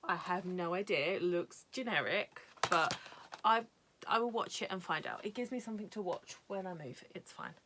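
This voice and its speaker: This is a young woman with a British accent, speaking in a slightly lower register than most women. She chats freely and candidly about her anime collection, rambling along with frequent fillers and the occasional cheerful swear word. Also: lively intonation, moderate pace, background noise. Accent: British English. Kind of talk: casual chat.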